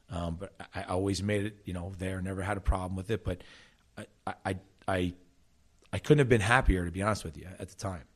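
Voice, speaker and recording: A middle-aged man from South Jersey, an interview guest telling stories from his playing career with lots of restarts and repeated words. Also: low voice. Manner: animated storyteller with many restarts. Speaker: interview guest, former player and coach. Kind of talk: storytelling conversation.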